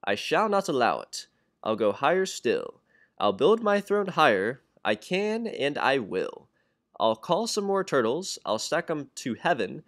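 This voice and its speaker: A man's voice: on the high side, big pitch swings, measured pace, fairly bright tone, full character voice. A young man voicing a boastful, pompous male turtle king who bellows his orders in a storybook reading. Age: young adult. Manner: bellowing, grandiose.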